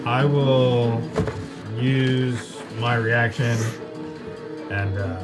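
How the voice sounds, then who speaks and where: A man's voice: medium pitch, fairly even intonation, very slow, over loud music. A man playing a tabletop game, casually declaring his spells and dice rolls. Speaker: player.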